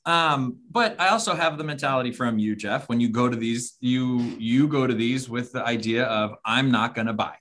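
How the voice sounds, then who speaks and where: A man's voice: mid-range voice, moderate pace, few pauses, a bit bright. A man co-hosting a podcast, telling a story in casual chat, rambling with many fillers and restarts. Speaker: podcast co-host.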